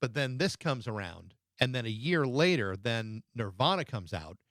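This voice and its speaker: A man's voice: medium pitch, sing-song, normal speed, a bit bright, no room sound, clean studio sound. Middle-aged man reminiscing as host. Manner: reflective, enthusiastic reminiscing, restarts. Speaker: podcast host, former radio DJ. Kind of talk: conversational interview.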